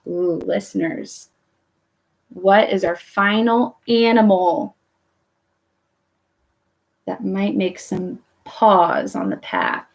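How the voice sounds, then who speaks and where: A woman reading a picture book aloud to children, gently asking her listeners questions along the way. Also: medium pitch, very animated, slow, vocal fry, long pauses. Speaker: children's storyteller.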